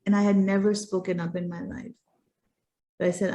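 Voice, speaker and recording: A woman speaking earnestly as an interview guest, retelling her own experience. She leans on repeated words for emphasis. Her pitch sits in a middle range. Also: little pitch movement, normal speed, long pauses, dark tone. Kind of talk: personal storytelling in a conversation.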